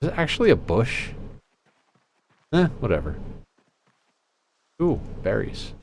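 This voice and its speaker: Somewhat low and unhurried, this thirtysomething man's voice swoops wildly in pitch and has a darkish tone, with slight background noise. Gaming on stream, he rambles through a story, laughing, using fillers, and imitating his friends.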